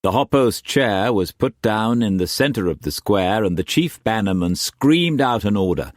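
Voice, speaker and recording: A man reading a historical novel aloud as narrator, measured and dramatic. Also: fairly low pitch, lively intonation, dry recording, studio quality. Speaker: audiobook narrator.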